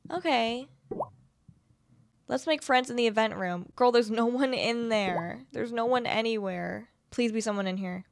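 A young woman in her twenties narrating her gameplay in a chatty, sarcastic ramble that swears offhandedly. Her voice sits a little high and comes across close and dry. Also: vocal fry, no room sound. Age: 20s. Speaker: gaming video creator. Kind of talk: casual gameplay commentary.

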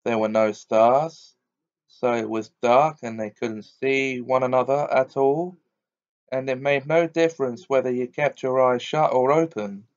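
A man reading a children's novel aloud as audiobook narration in a measured, deliberate way. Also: mid-range voice, steady tone, a little mellow. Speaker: audiobook reader. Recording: dull lo-fi recording.

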